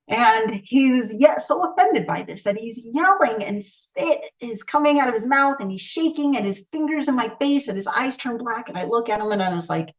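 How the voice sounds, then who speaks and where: A middle-aged woman with a slightly high voice recounts her own story in an interview, speaking candidly and reflectively. She keeps checking in with a quick rhetorical question. Her voice sounds a little distant from the microphone. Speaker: interview guest. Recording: voice somewhat distant from the mic.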